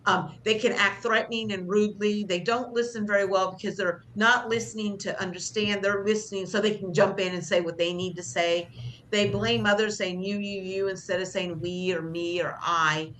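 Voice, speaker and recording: A woman's voice: mid-range voice, fairly even intonation, normal speed, fairly bright tone, a little hiss or hum. A middle-aged woman instructor giving a conversational classroom lecture, speaking about herself plainly and acting out short example lines. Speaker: job training instructor.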